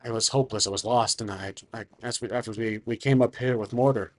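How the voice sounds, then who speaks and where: A man voicing a grieving, devoted middle-aged father in a solo tabletop role-play, speaking quietly and earnestly. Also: mid-range voice, fairly even intonation, fast talker, lightly acted. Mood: tender.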